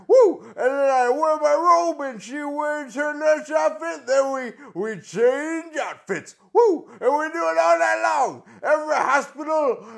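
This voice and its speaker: A man doing a gravelly, brash old wrestler. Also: very high-pitched, pitched above the performer's own voice, full character voice. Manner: loud, swaggering, with "woo" yells. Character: brash boastful aging male pro wrestler. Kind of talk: comedy impression sketch.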